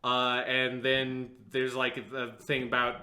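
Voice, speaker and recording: Bright-voiced man rambling in an echoey room. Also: mid-range voice, completely flat delivery, slow pace. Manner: rambling, hesitant, lots of fillers, mocking impressions. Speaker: podcast co-host. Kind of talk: casual review discussion.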